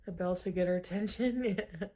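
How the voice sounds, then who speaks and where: A woman streaming from home, chatting casually and breaking into high baby talk now and then. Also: darkish tone. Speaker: livestreamer. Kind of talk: casual livestream chat.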